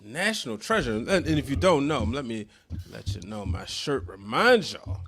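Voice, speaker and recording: Brief: male podcast co-host, bright and tense tone, playful teasing, laughs often. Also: medium pitch, big pitch swings, moderate pace. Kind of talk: casual banter.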